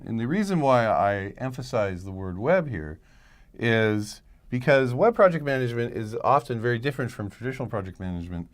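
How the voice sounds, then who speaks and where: A man's voice: medium pitch, animated, normal speed. A middle-aged male professor giving a recorded lecture in a conversational way, thinking aloud and checking in with "right?". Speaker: college professor.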